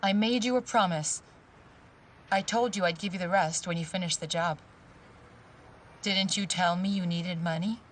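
An actress plays a cold, scheming woman in a drama, handing out instructions in a calm, commanding tone. She sounds a little distant from the mic. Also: on the low side, normal speed, long pauses, slight background noise, lightly acted. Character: cold, controlling woman giving orders.

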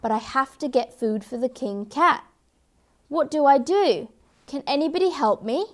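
A woman's voice: fairly high pitch, normal speed, fairly bright tone, natural voice. A woman voicing an exhausted young cat in a storybook, breathless and pleading. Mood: weary.

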